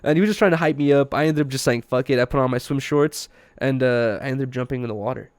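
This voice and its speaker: Speaking quickly at a medium pitch, a young man hosting a podcast chats casually, relating a story in an easygoing, slang-heavy way with plenty of fillers.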